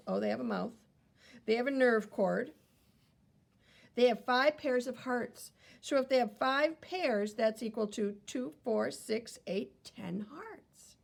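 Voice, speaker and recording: Gravelly-voiced teacher reading to kids. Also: female voice, on the high side. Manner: animated, wondering aloud, explains to children. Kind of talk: reading a picture book aloud to children.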